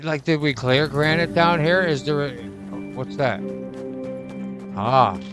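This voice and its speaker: A man's voice: a little high, slow pace, over music. Man swearing through a casual game commentary. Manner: chatty, swears freely, reads game text aloud. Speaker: gaming channel host. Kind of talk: casual let's play commentary.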